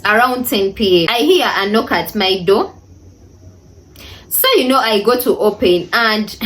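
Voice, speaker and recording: A young woman telling a storytime vlog to her viewers, animated and indignant, repeating phrases for emphasis. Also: mid-range voice. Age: young adult. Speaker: vlogger.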